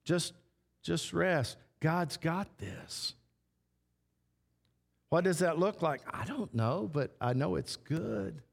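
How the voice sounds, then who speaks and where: Man, pastor, sermon, unhurried delivery, emphatic repeated phrases, church hall echo. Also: fairly high pitch, very animated, vocal fry. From Texas. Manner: slow, repetitive preaching with emphatic repeated phrases. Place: church sanctuary. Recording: long church hall reverb.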